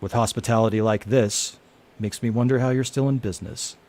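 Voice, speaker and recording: A man doing a low, sulky drifter. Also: fairly even intonation, fairly quick, darkish tone, natural voice. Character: heartbroken male drifter, dry and sulky.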